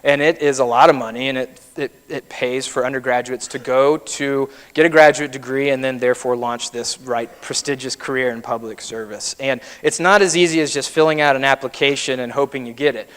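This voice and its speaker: A man's voice: medium pitch, steady tone, a little fast, hardly any pauses, fairly bright tone, clean tone. A man in his thirties giving a keynote speech, telling personal stories in a conversational way. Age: 30s. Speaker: keynote speaker. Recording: long reverb of a large hall.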